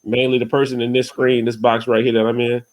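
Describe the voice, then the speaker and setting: Man, podcast host, relaxed casual chat, medium voice, video call audio. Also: mid-range voice, fast. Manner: laid-back, says "you know what I'm saying" often.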